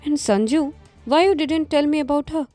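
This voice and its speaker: A woman's voice: sits high, moderate pace, warm tone, faint music behind, close to an everyday voice. A woman as a sweetly composed wife. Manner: soothing, overly sweet.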